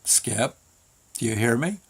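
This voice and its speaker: A man voicing a calm, unseen male voice from above that speaks quietly and asks probing questions. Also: mid-range voice, slow pace, breathy edge. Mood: hushed, probing.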